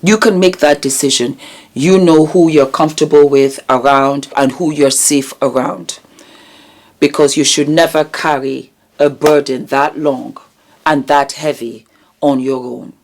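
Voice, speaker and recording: A woman hosting her own channel, talking earnestly and emotionally about vulnerability and healing, with deliberate repetitions. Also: sits low, fairly even intonation, darkish tone. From United Kingdom. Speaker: channel host. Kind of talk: reflective commentary vlog.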